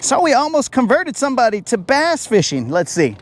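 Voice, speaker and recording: A man streaming live from a fishing boat on a lake, joking with his chat in a slangy way, his voice a bit raspy from talking. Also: very high-pitched, wildly swooping pitch, brisk. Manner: slangy, joking, talks to chat as bro and dog.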